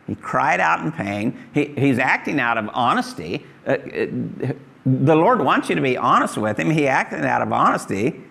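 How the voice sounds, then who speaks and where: A man's voice: mid-range voice, sing-song, normal speed, vocal fry, pushed and bright. A middle-aged man preaching a sermon emphatically, acting out pleading prayers to God. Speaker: pastor.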